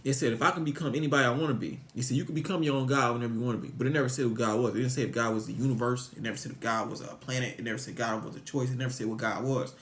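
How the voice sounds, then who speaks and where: Fast-talking rambling man, echoey room. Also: medium pitch, steady tone, fairly bright tone. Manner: meandering, repetitive, frequent restarts, rhetorical questions. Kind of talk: rambling religious musing to viewers.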